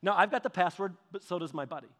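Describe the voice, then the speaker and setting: A man preaching a sermon, telling stories with lively repetitions and restarts. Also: sits high, fast. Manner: animated storytelling with repetitions and restarts. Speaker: pastor. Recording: long hall reverb.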